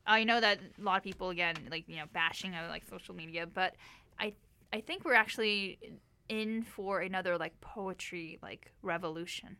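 A young woman co-hosting a radio talk show in a bright voice at a middle pitch. She talks easily, with plenty of fillers. The sound is close and dry, with no room around it. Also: normal speed, smooth, no room sound. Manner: easygoing, lots of fillers, brief agreeing interjections. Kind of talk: casual discussion.

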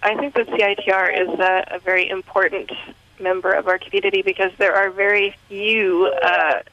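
Brief: woman caller on a tinny phone line, has a cold, earnest and hesitant, mid pitch. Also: flat delivery, brisk, a crowd in the background. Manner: earnest, hesitant, many ums. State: cold, coughing. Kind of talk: casual phone call to a radio show. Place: Montreal.

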